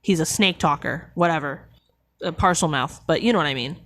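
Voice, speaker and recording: A woman's voice: low-pitched, a little fast, a bit bright, dry recording. Sarcastic woman streamer reading aloud. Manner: sarcastic, chatty asides, rambling with restarts. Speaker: streamer hosting a book club. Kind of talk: reading a novel aloud with casual commentary to chat.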